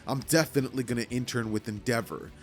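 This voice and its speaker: A man's voice: mid-range voice, fast talker, faint music behind, close to an everyday voice. Man doing an earnest teen hero boy. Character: determined teenage fire-wielding hero boy. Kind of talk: fan story narration.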